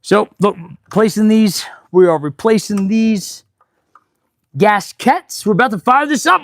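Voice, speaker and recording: A middle-aged male mechanic talks through his work on a live stream, rambling from one thought to the next and bursting out loud when something goes right. His pitch swings widely, and the sound is close and dry with no room around it. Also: unhurried, no echo. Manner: chatty, excitable and rambling, with sudden loud outbursts. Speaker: auto mechanic and channel host. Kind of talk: casual live-stream chat while working. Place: auto repair garage.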